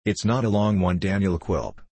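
A man reading an audiobook, voicing a sour, cruel male dwarf who talks in a dry, sneering, deliberate way. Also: low voice, warm tone, breathy edge, dry recording.

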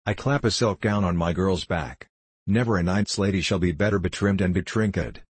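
A swaggering soldier's voice, deep and husky, full of hearty boasts, as a male storyteller puts him on. The sound is close and dry, with no room around it. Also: normal speed, no room sound. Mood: hearty boasting. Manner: hearty, boastful, free-spoken.

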